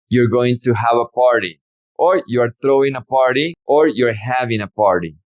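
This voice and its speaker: A man with a Latin American Spanish accent, teaching a Spanish lesson and repeating words slowly and clearly for learners. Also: medium pitch, expressive. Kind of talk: slow, deliberate language lesson.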